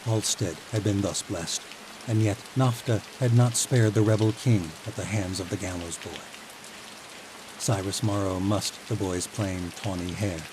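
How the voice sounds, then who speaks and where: A man narrating a fantasy audiobook in a calm, even storytelling manner. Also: fairly low pitch, a little slow. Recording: steady rain noise behind voice.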